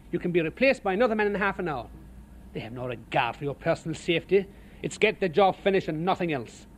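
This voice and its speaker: A man with an Irish accent, a building site labourer, giving a measured, sardonic account of life on the sites. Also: high voice. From Ireland. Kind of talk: storytelling testimony.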